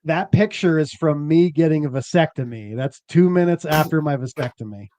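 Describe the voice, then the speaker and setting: Rambling man, a bit high-voiced. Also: warm tone, dry recording. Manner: rambling, self-deprecating, halting restarts. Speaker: podcast host. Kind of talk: casual chat.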